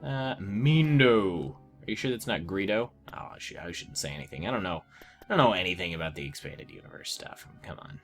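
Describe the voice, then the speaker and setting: A man's voice: sits low, animated, moderate pace, soft background music. A man giving casual gameplay commentary, talking to the game with exasperated outbursts. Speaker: let's play gamer.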